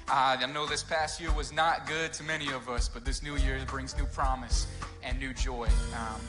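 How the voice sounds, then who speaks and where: A man's voice: medium pitch, pushed and bright, long reverb tail. A man working as a children and youth pastor, giving a casual, chatty children's sermon during a church service without his own microphone. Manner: casual, chatty, addresses listeners as "guys" with many fillers. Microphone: no personal mic, picked up by room sound.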